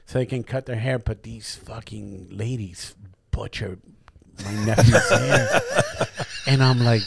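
Swearing animated podcast host man. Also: mid-range voice, unhurried, gravelly, husky. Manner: profane, animated storytelling. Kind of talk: casual podcast chat.

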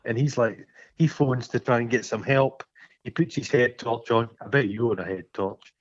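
A man co-hosting a casual film-review chat, swearing and joking as he acts out bits of scenes. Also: mid-range voice. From Scotland. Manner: sweary, jokey, acts out scenes in quick impressions. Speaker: podcast co-host. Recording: slightly dull lo-fi sound.

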